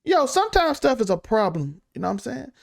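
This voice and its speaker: A woman's voice: a little high, big pitch swings, a little fast, gravelly. A woman co-hosting a casual podcast, arguing her point emphatically and pressing her co-host with questions. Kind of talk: casual news commentary chat.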